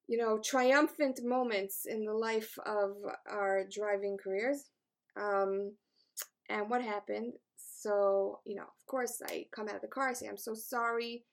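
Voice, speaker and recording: A woman's voice: fairly high pitch, creaky, fairly bright tone. A middle-aged woman teaching a class in an earnest, encouraging way, with touches of self-deprecating humor. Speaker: class instructor.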